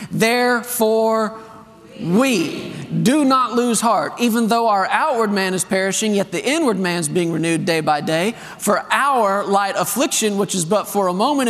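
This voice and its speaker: A man preaching a sermon as pastor, telling family stories with animated energy and reading scripture slowly with emphasis. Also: sits high. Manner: animated storytelling, reads scripture with slow emphasis. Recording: long reverb of a large hall.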